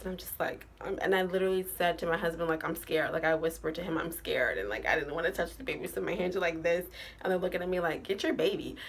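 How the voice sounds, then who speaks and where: A woman's voice: on the low side, a bit bright. A woman vlogger telling a story to her viewers in a chatty, casual way, full of fillers and "like".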